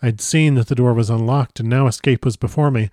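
A man reading a first-person diary aloud as a dramatic audiobook narrator, measured and grave. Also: medium pitch, fairly even intonation, warm tone, no echo, clean studio sound.

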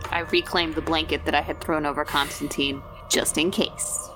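A woman playing a tabletop game, talking in halting, emotional bursts. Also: deep voice, steady tone, over music. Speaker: player. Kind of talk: casual tabletop play.

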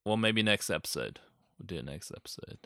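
A man's voice: on the low side, animated, a little fast, bright, forceful tone. A man in his thirties co-hosting a podcast in casual chat, joking and laughing, with a cold and a sore throat. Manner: joking, laughs often, sings off-key bits for fun. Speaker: podcast co-host.

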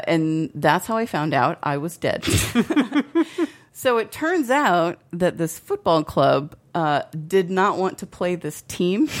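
A tipsy woman co-hosting a casual chat show, reading out a news story and laughing often as she rambles. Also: low voice. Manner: laughs often, loose and rambling after drinking. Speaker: podcast co-host.

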